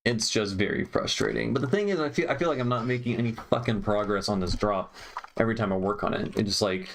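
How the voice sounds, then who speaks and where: A man's voice: fairly low pitch, fast talker, creaky, slight background noise. A young man who produces music, talking to himself in exasperated, swearing mutters while he works on a mix. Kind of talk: frustrated self-talk while mixing. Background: keyboard clicks and typing.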